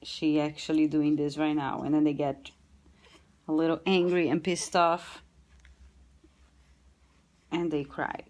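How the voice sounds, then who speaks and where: Slow, gentle low-voiced woman. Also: level tone. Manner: gentle, unhurried, with many pauses and restarts. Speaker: vlogger and new mother. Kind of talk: casual parenting advice vlog.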